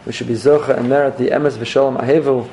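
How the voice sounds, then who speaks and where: Brief: male rabbi, mid-pitched gravelly voice, lively sermon storytelling. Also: quick pace, noisy background. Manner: animated storyteller.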